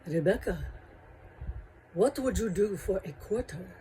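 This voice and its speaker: A woman voicing a creepy, pale man who thinks he is a vampire, speaking slowly and softly. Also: sits high, animated, slight background noise.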